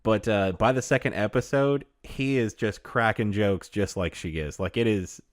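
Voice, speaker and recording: Rambling low-voiced man chatting. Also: dry recording, studio quality. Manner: rambling, halting, laughs often. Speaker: podcast co-host. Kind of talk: casual chat.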